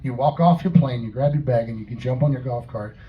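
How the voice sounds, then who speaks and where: A man's voice: mid-range voice, fairly quick, muffled recording, a little hiss or hum. A man from Tennessee, a singer-songwriter telling joking, laid-back stories between songs at a house concert. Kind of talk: live stage banter between songs.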